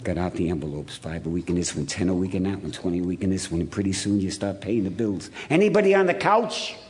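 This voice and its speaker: A man from Ohio telling his recovery story to a meeting, blunt and gruff, swearing freely as he acts out the scenes. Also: deep voice, animated, fast talker, a little mellow. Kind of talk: storytelling talk to an audience.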